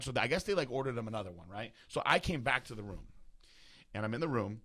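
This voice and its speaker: A young man tells a long story on a podcast in a rapid, tumbling way. His voice is bright and forceful. He swears freely and slips into the voices of the people he quotes, then drops back into casual chat. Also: mid-range voice, expressive, husky. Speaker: podcast host.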